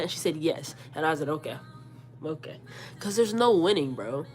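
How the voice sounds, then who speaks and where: Talking fast in a low voice, a stuffed-up woman in her forties tells a storytime vlog about an argument. She's sick, recounts it animatedly, voices both her own lines and her mother's, and repeats words.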